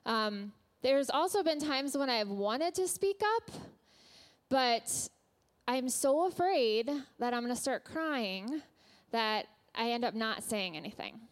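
A woman guest speaker gives a personal sermon to a congregation in a church hall. Her fairly high, expressive voice moves slowly, and she comes across as candid and a little self-conscious, with light laughs and fillers.

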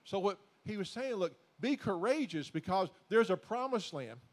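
A pastor preaches to his congregation in a fairly high voice. He speaks folksily, calling them folks, and he repeats his points until they swell into loud, emphatic declarations. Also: very animated, normal speed. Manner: exhorting, repetitive, builds to loud emphatic declarations. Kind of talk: sermon.

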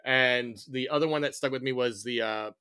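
A man's voice: mid-range voice, normal speed, pushed and bright, clean tone. A man co-hosting a podcast in casual chat, recapping with plenty of "like" and "you know" and laughing often. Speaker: podcast co-host.

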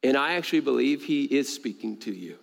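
A man preaching a sermon to his congregation, animated, jumping higher in pitch to stress a point and laughing between stories. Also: brisk, creaky. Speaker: pastor. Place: church sanctuary. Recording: long reverb of a large church hall.

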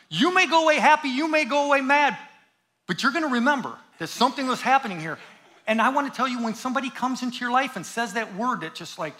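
A middle-aged man preaching a sermon in church as a guest pastor, lively and joking, then hushed and slow in prayer. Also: very high-pitched. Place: church in front of a congregation.

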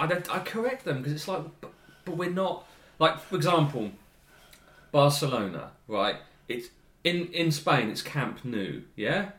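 A man from Kent argues his point on a casual podcast, getting animated as he goes. His pitch is middling and the recording has a roomy echo. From Kent, England. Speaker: podcast co-host.

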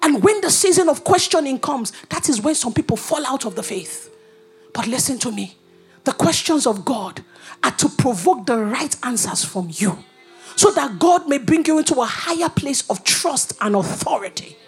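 A woman preaching a sermon, animated and humorous, dropping to whispers and rising to shouts. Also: high-pitched, normal speed, slightly rough, soft background music.

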